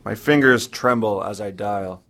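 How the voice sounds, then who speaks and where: A man narrating a personal story in the first person, in a somber, measured way. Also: on the low side, fairly bright tone.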